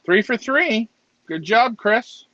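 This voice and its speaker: A man's voice: sits high, animated, slow pace, bright, forceful tone, dry recording. A man co-hosting a live stream, bantering and mocking himself in casual chat. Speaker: co-host of a live pigeon race stream. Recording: slightly dull lo-fi stream audio.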